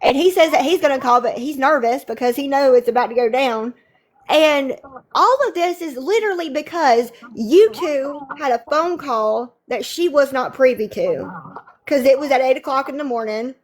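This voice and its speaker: A woman's voice: high voice, expressive, moderate pace. A woman on a livestream call, venting in an emphatic, profane, exasperated way. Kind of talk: heated casual livestream chat.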